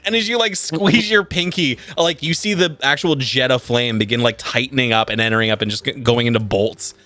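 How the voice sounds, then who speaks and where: A man's voice: mid-range voice, fast talker, sharp tone, no echo. A man narrating a tabletop game as game master, in a casual, rambling manner full of filler words.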